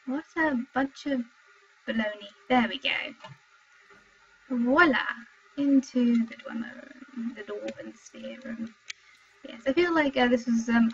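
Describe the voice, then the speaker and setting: A young woman from Wales chatting with her viewers while commenting on her gameplay, excitable and talkative, in dull lo-fi home stream audio. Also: on the high side, husky. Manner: chatty, excitable, exclaims at the game. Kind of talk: live gameplay commentary and chat.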